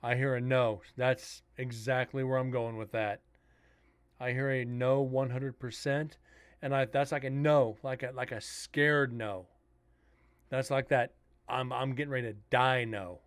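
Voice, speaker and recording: A man's voice: mid-range voice, steady tone, measured pace, clear, resonant tone, no echo. A man casually commenting on a live stream as he edits and reviews audio clips, thinking aloud and chatting with viewers.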